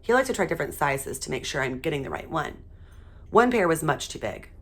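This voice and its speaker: A woman teacher reading a children's chapter book aloud in a steady, expressive way. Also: low-pitched, a little fast, breathy edge.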